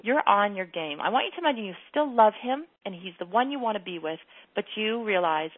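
A woman's voice: medium pitch, lively intonation, a little fast. Emphatic woman coaching over tinny line. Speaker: relationship coach. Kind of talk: radio advice call. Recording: tinny phone-like broadcast.

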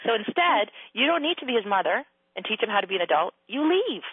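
A woman hosting a casual coaching conversation, giving blunt advice, swearing freely and acting out quotes in a high playful voice. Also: big pitch swings, quick pace, husky, no room sound. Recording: tinny phone-line sound.

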